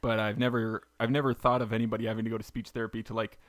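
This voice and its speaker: A man hosting a podcast, asking a guest relaxed questions and joking along the way. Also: fairly low pitch, racing, no echo. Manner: joking, asks questions with many restarts. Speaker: podcast host. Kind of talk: casual interview chat.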